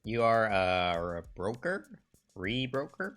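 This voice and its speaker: Rambling low-voiced man, halting chat. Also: big pitch swings, a bit bright, soft background music. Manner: rambling, halting, lots of fillers. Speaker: livestream host. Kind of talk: casual chat with live viewers.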